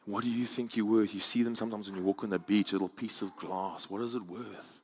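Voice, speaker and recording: A man preaching a sermon in a church, moving from quiet, intimate passages to loud, soaring climaxes. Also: lowish voice, steady tone, fast talker. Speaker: pastor.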